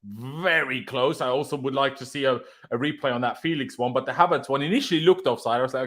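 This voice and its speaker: A man's voice: mid-range voice, a little fast, a bit bright. A man hosting a fan reaction live stream, ranting in outrage.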